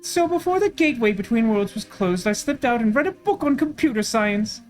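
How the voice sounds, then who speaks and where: A woman's voice: fairly high pitch, sing-song, a little fast, soft background music. A woman voicing a vain, haughty ancient queen who has become a vengeful cyber ghost, declaiming grandly. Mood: grandiose. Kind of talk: voicing game characters.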